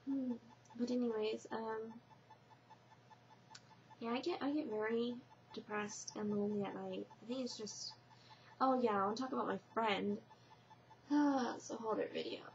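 Rambling young mother with a gravelly voice. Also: a little high, fairly even intonation, normal speed, long pauses. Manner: rambling, many fillers and restarts. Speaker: vlogger. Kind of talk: casual confessional vlog. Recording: muffled lo-fi webcam audio with faint hiss.

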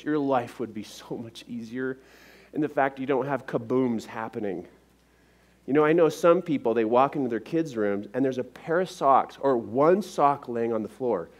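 A man giving a motivational seminar talk, telling a personal story to a live audience and acting out the dialogue. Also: mid-range voice. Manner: animated, acts out the dialogue in his stories. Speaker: motivational speaker.

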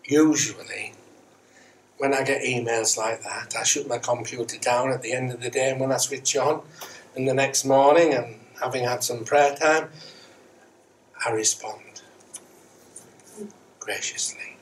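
A middle-aged Methodist minister preaches a Sunday sermon in the church sanctuary, chatty and self-mocking, leaning on repeated rhetorical questions. His mid-range voice moves at a moderate pace with fairly even intonation. A distant church mic picks him up with a faint hiss.

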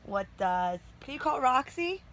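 A mother in a casual home video, asking her small child gentle questions in a sing-song voice. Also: high-pitched, very animated, unhurried, very noisy. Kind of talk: home video chat with a toddler.

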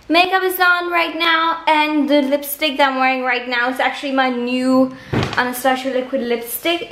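A woman's voice: sits high, a bit bright. A young woman from Denmark, a native Danish speaker, chatting casually to camera as a beauty vlogger in a room at home, bubbly and gushing. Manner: bubbly, gushing, quick asides to viewers. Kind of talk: casual vlog talk to camera. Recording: echoey room.

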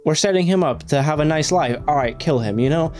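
A man's voice: fairly high pitch, brisk, a little mellow, faint music behind. A man hosting a reaction video, rambling in casual commentary, swearing often and filling his talk with "like".

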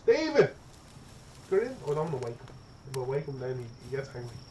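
A young man giving casual let's-play commentary, excitable and profane, chattering to his in-game pet as he plays. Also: medium pitch, racing, background noise. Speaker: gaming streamer.

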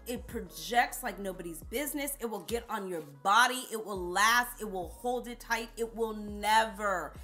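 A woman's voice: medium pitch, pushed and bright. A woman vlogger telling chatty, playful stories straight to her viewers. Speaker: beauty vlogger. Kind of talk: casual storytelling vlog.

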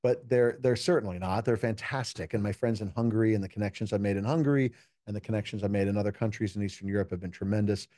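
An American keynote speaker and juggler, appearing as a podcast guest, talks fast in a warm, low-leaning voice, captured in clean studio sound with no echo. In a casual interview, he tells stories earnestly and reflectively, quoting dialogue.

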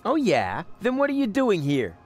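A man's voice: high voice, huge pitch swings, normal speed, soft background music. An actor voicing a cocky, sarcastic young man in a video game, talking in a smug, scheming way. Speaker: game protagonist.

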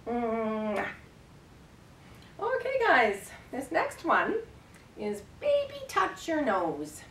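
A woman librarian leading babies and parents through rhymes and action songs, gentle and playful, with exaggerated gasps and animal sounds. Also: sits high, huge pitch swings, slow pace, a little hiss or hum. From Canada. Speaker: children's librarian leading baby rhyme time. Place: library program room, recorded on camera. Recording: echoey room, camera at a distance.

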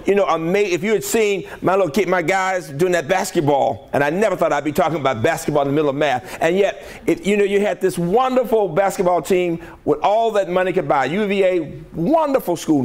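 An older Southern American man with a high-sitting voice, a college president, gives a motivational keynote in a conference hall. He's emphatic and rhetorical and often checks in with the audience.

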